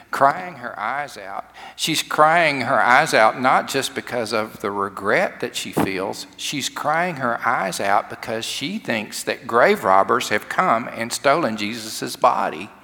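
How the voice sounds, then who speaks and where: A man preaching a sermon in a church, telling stories in a folksy way that swings from loud to hushed. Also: mid-range voice, creaky, big-room sound. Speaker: pastor.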